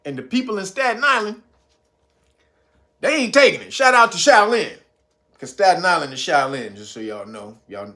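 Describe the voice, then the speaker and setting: A man in runs a casual live stream, his voice high and bright. He swings his pitch widely as he riffs, cursing and laughing as he acts out little scenes. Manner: animated, profane, laughing asides, acts out scenes.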